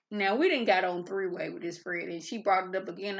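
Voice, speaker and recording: A woman's voice: lowish voice, brisk, vocal fry, few pauses. Chatty woman rambling through an episode recap. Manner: rambling, goes off on tangents. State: a bit irritable before coffee. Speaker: reality TV recap vlogger. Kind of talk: casual chatty episode review. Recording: dull lo-fi sound.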